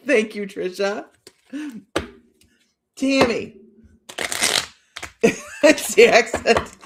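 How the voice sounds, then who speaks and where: Giggly woman with a gravelly voice. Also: mid-range voice, background noise. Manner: joking, giggly, laughs often between lines; chatty, with frequent restarts. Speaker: psychic reader hosting a live stream. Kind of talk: casual live-stream chat.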